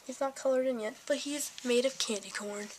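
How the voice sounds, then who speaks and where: A woman's voice: high voice, fairly quick, a little hiss or hum, low-quality recording. An eighteen-year-old woman vlogging, ranting sarcastically and swearing freely about her day. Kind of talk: casual ranting vlog.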